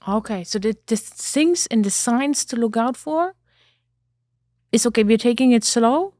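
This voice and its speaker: Mellow-voiced woman podcast host. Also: a little high, expressive, measured pace, dry recording, clean studio sound. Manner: thoughtful, restates ideas as questions. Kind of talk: interview questions.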